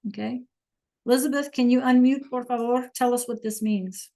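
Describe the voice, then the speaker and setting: A woman's voice: on the high side, fairly even intonation, normal speed, vocal fry, warm tone. A woman teaching an online Spanish class over a video call, encouraging students to answer in the chat.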